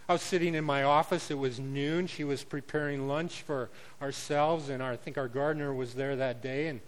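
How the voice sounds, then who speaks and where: A man preaching a sermon as pastor, swinging between loud declarations and quiet, conversational asides. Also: medium pitch, fairly even intonation, moderate pace, clear, resonant tone, rough recording.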